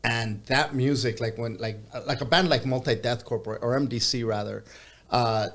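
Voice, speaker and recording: A man's voice: mid-range voice, steady tone, moderate pace, a bit bright. A man as a podcast guest, telling a long story in casual chat with many hesitations. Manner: meandering storytelling with frequent hesitations.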